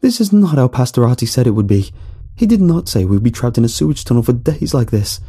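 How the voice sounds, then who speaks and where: A man's voice: medium pitch, sing-song, quick pace, mellow, slightly rough, pitched above the performer's own voice. A man doing a frantic, pleading trapped man. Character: terrified man trapped floating in a tunnel.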